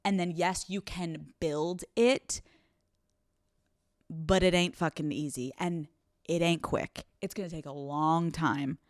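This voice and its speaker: A woman hosting a podcast, giving casual relationship advice in a blunt, profane and animated way, running on no sleep. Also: low voice, slow pace, no room sound, studio quality. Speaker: podcast host.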